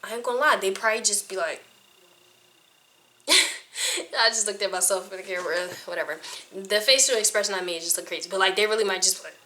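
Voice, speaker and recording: Frank, laughing woman with a bright voice. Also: mid-range voice, fairly quick, long pauses. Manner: frank, chatty, laughs often. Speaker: acting coach and casting judge. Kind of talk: casual advice to camera.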